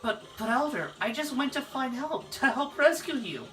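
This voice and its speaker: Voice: sits high, sing-song, normal speed, a bit bright, recorded from a distance, pitched above the performer's own voice. A gameplay narrator voicing a small, eager young creature who pleads and whines, with game music behind. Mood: whiny.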